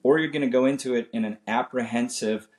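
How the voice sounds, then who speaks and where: A man's voice: medium pitch, fast talker, darkish tone. A man from Canada, a guest in a casual chat, speaking earnestly with frequent "right?" tags. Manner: earnest, faith-filled, says "right?" and "man" often. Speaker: guest, chiropractor.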